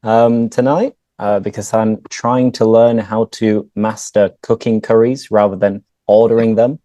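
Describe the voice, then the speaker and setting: A man, a teacher chatting casually with a friend and clearly explaining words and phrases for learners over a video call. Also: fairly low pitch, steady tone, measured pace, mellow, no echo. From northern England. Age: 30s. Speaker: English teacher and host. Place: home room, on a video call.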